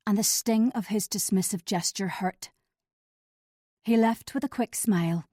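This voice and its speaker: A woman telling a first-person thriller audiobook in a measured, steady way, on a close mic. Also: mid-range voice, no echo. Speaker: audiobook narrator.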